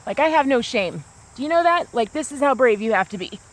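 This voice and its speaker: This American vlogger has a fairly high, animated voice that moves a little fast. She's outdoors on a grassy hill speaking to a small camera, rambling casually and peppering her talk with "like" and restarts.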